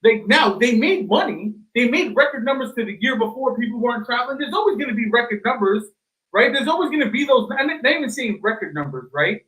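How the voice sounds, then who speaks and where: A man on a discussion panel who argues loudly and emphatically, swearing as he makes his points. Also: extremely high pitch, lively intonation, fast, rough recording. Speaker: panel guest. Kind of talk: heated panel debate.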